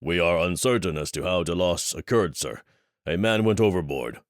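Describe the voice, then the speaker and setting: A man's voice: low voice, normal speed, no echo, clean studio sound, lightly acted. A man voicing a hulking, furious mercenary leader with a Finnish accent, in clipped, growling military radio talk. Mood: terse.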